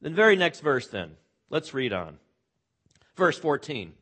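A man's voice: on the high side, very animated, measured pace, sharp tone, slightly rough. Man preaching in a conversational way. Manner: conversational preaching with dramatic scripture reading; frequent word repeats and restarts. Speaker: pastor. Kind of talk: sermon.

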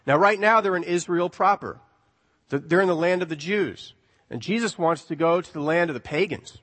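Man, preacher, sermon, conversational storytelling, slightly high voice, long hall echo. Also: moderate pace. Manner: conversational, animated storytelling with rhetorical questions.

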